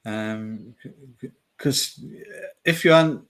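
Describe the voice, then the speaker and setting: A man co-hosting a podcast, talking casually about a film in halting bursts that trail off into soft murmurs. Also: fairly low pitch, clean tone. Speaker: podcast co-host.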